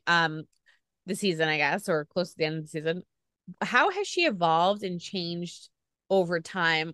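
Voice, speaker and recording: A woman's voice: medium pitch, a bit bright, no room sound. Woman interviewer, casual and chatty, dry close-mic sound. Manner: chatty, quick questions full of "like".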